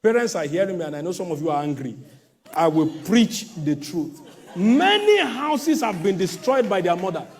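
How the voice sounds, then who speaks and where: High, lively-voiced male pastor preaching. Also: normal speed. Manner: emphatic preaching, swinging between shouts and hushed asides. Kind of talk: sermon.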